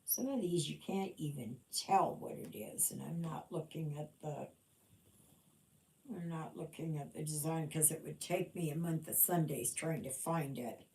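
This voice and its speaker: A woman's voice: low-pitched, a little slow, warm tone. A woman hosting a live stream, chatting casually while she stitches and often mumbling half to herself. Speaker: livestream host. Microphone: livestream mic. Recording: echoey room.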